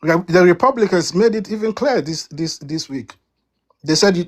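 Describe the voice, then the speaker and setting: Emphatic African man debating, higher voice. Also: expressive, normal speed. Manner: emphatic, repeats words when cutting in, rising pitch on key points. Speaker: debate panelist. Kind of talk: heated panel debate.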